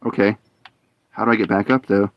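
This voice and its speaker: A man's voice: on the low side, fairly even intonation, brisk, dull audio. A man streaming a game live, muttering and complaining in frustration as he plays. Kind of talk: live gameplay commentary.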